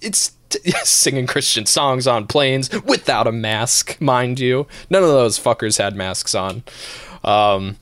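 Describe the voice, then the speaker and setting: Speaking at a slow pace in a medium-pitched voice, a man co-hosts a relaxed stream podcast. He launches into animated, swear-heavy rants and laughs as he goes.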